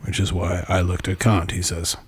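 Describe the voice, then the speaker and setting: A man casually explaining a philosophy text, halting and restarting often, with many fillers. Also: low voice, level tone, husky.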